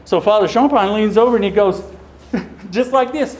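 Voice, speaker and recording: A man's voice: high voice, normal speed, slight background noise, poor audio. A middle-aged man, a deacon telling a folksy story to a parish and acting out the quotes. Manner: folksy, animated storyteller who acts out quotes. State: tearful at times. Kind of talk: storytelling talk to a parish audience.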